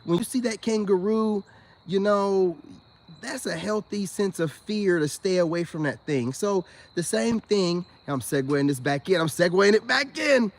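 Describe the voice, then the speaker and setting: A man's voice: high voice, lively intonation, a little slow. An American man giving rambling casual commentary to his viewers, laughing often and talking loosely in slang. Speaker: spiritual self-help vlogger.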